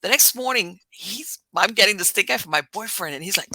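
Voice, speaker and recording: A woman podcast host telling a story in a casual, animated way, laughing as she talks. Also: mid-range voice, a little fast, no echo.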